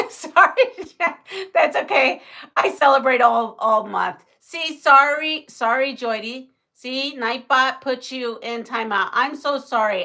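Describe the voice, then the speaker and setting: A middle-aged woman hosting a casual livestream, chatting in a rambling, animated way and reading out viewer comments. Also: on the high side. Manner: animated storytelling with gasps and laughs. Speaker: livestream host.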